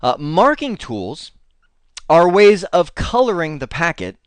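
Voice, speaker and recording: A man's voice: a little high, very animated, slow pace, clear, resonant tone, dry recording. A man teaching a networking course in a conversational way, full of fillers and restarts. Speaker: networking instructor. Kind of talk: technical lecture.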